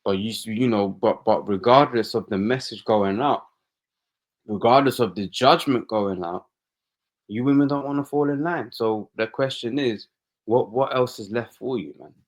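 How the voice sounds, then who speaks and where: A man's voice: medium pitch, normal speed. A man co-hosting a religious discussion, reading scripture aloud in a preachy way and tossing in "you know" and "man".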